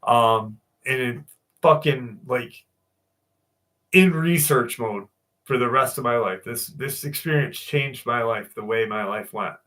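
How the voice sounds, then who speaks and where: An American man tells a personal story in a loose, casual way. He swears freely, circles back with fillers and restarts, and sits at an ordinary middle pitch. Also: slow, bright, forceful tone. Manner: profane, rambling, many fillers and restarts. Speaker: guest telling a personal encounter story.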